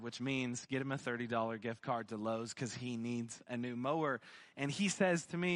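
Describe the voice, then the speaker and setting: A man's voice: mid-range voice, unhurried, a bit bright. A man preaching a sermon, telling a personal story and building to fervent emphasis. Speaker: pastor.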